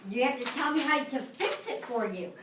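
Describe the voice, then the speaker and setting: A woman's voice: high voice, lively intonation, moderate pace. A woman teaching a class, patiently asking her students questions and walking them through steps. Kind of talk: classroom lesson. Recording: echoey room, distant mic, noisy.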